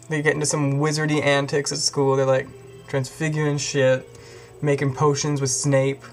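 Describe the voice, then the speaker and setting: A young man casually retelling a story in a rambling, profane way. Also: fairly high pitch. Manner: rambling, profane, lots of fillers. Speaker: video host.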